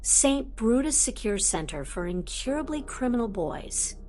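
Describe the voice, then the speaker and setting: A woman voicing an enraged middle-aged man who blusters and shouts, in an audiobook. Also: a little high, big pitch swings, unhurried.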